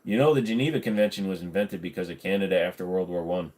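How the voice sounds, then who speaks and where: A man's voice: deep voice, fast talker, a little mellow. A man hosting a casual livestream, reading chat and joking around, slipping now and then into goofy voices. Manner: chatty, jokey, slips into goofy voices.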